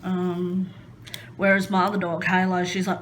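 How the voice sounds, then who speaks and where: Slow, rambling woman. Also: lowish voice, completely flat delivery, slight background noise, low-quality recording. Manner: rambling, hesitant, many ums. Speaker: crafting vlogger. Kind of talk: casual chat while crafting.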